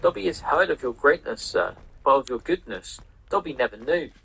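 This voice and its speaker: A man voicing a small, earnest male house elf who is servile and self-punishing, speaking in a high, pleading voice while he reads a novel aloud. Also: animated, moderate pace, creaky, sharp tone, a little hiss or hum, rough recording. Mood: reverent. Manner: high-pitched, pleading, says sir constantly. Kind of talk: reading a novel aloud over gameplay.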